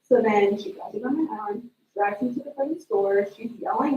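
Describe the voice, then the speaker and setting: A woman delivers a eulogy, telling family stories with lively energy. Her voice sits fairly high and is heard from a distance in a roomy, echoing space. The sound is dull, with a faint hum underneath. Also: fairly quick. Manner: storytelling, animated retelling of family moments. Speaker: sister giving a eulogy. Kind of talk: memorial eulogy with family anecdotes. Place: memorial service room. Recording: distant echoey room mic, dull sound.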